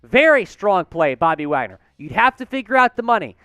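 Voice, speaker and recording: A man hosting a live sports news show, talking with hyped excitement and getting out of breath. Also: high-pitched, a little fast, no echo. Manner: excitable, hyped, chants and cheers.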